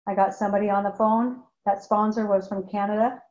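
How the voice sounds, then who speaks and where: A woman's voice: mid-range voice, little pitch movement, a little fast, darkish tone. A woman giving an emotional, candid personal testimony about her recovery, often repeating phrases for emphasis. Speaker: speaker sharing her recovery story. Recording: echoey, dull lo-fi room recording.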